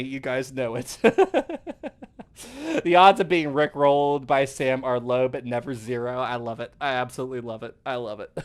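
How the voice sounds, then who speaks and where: A man's voice: medium pitch, fairly bright tone. A man hosting a livestream, giving casual, rambling gameplay commentary with frequent laughter. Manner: laughing, rambling, chatty asides. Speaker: livestream host.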